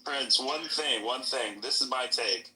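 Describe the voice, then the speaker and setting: A man with a very bright voice gives his blunt, joking take in a casual group call. His speech sounds echoey and roomy. He drops "bro" between points. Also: mid-range voice, measured pace, slight background noise.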